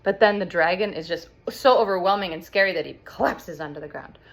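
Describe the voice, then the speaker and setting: A woman explaining an opera plot to children as an expressive storyteller. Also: on the low side, fairly quick, gravelly. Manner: animated, expressive.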